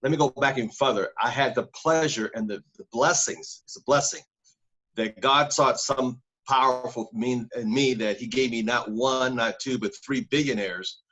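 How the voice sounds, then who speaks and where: A man's voice: mid-range voice, normal speed, fairly bright tone. A man from Northern California, a podcast guest telling his life story in an interview, emphatic and repeating words for stress. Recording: dull lo-fi audio.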